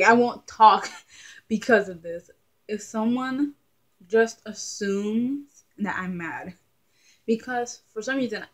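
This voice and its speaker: A young adult woman talking casually to camera in her vlog, chatty and animated, often laughing. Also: mid-range voice. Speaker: vlogger.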